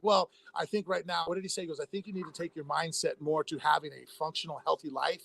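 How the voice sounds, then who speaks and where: Fast-talking gravelly man. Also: fairly high pitch, fairly even intonation, a bit bright, slight background noise. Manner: rapid, rambling, many fillers and restarts. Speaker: interview guest, former fighter. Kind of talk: casual storytelling interview.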